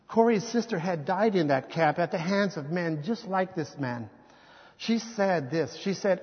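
A man with a high voice preaches earnestly, and each phrase lingers in a long hall reverb. The sound is muffled and dull, as if captured on a modest church recording. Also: unhurried. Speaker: pastor. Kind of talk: sermon.

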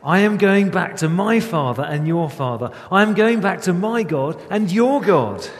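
A man playing a calm, gentle risen teacher, speaking slowly and solemnly in a raised voice. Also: high voice, in a large hall.

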